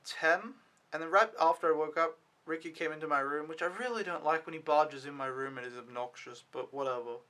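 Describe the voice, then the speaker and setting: A man's voice: on the high side, sharp tone. A young man recapping his week as an au pair in a casual, rambling vlog, swearing now and then when annoyed. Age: young adult. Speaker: au pair vlogger.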